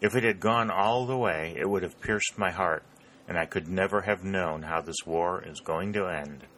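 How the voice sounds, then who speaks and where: A man's voice: low-pitched, moderate pace, a bit bright, a little hiss or hum. A man reading a bookish, wry young soldier.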